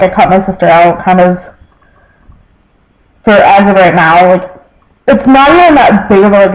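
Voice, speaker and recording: A young man with a fairly high voice talks casually to his camera, rambling from one family story to the next. He fills every pause with "like" and slips into quoting his relatives. The sound is dull and lo-fi, like cheap home webcam audio. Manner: rambling, filler-heavy, quotes family members. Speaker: vlogger.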